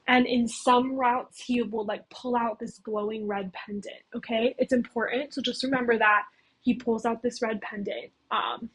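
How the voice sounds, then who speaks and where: Chatty, breathy young woman. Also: a little high, steady tone, moderate pace, fairly bright tone, rough recording. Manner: chatty, leans heavily on "like" and "okay?". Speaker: video creator recapping a game story. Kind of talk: casual storytelling recap. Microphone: cheap mic.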